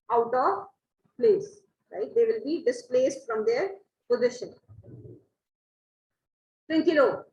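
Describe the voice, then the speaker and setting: A woman teacher explaining a play line by line, rephrasing each line and checking understanding with "right?". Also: sits high. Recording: roomy echo, faint noise.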